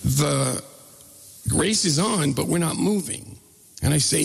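Raspy middle-aged storyteller, fairly high voice, in a hall with long reverb. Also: male voice, takes it slowly, long pauses. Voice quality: gravelly. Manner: animated, self-mocking. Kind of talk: live comic storytelling.

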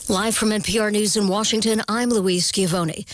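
A woman newscaster reads headlines in a formal, measured cadence. The sound is dry and close, with no room echo. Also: medium pitch, fairly even intonation. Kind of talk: scripted news read.

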